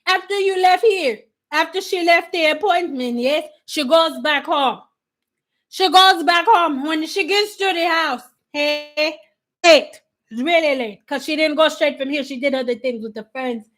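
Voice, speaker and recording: Woman putting on a loud Haitian mother's voice. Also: sits high, a little slow. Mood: gossiping. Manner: loud, exclaiming "hey" over and over. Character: indignant middle-aged Haitian mother, a salon client.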